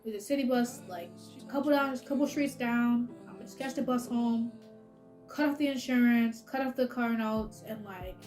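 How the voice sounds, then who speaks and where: Chatty high-voiced young woman. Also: normal speed, darkish tone, soft background music. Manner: chatty, heavy use of filler "like", laughs often. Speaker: vlogger. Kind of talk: casual storytime.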